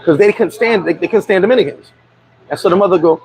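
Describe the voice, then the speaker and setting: Man, high voice, livestream host, casual chat, blunt profane storytelling. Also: quick pace, a little mellow, a little hiss or hum, low-quality recording.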